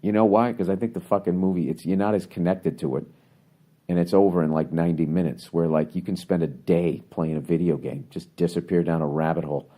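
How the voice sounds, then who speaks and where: Deep-voiced blunt profane man. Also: fairly even intonation, a little fast, mellow. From United States. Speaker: podcast host reading listener letters. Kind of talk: casual advice monologue.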